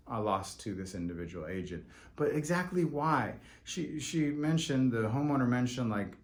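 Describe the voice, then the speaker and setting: A man who works as a real estate agent, telling a story in a casual vlog and acting out both sides of the conversations. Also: on the low side.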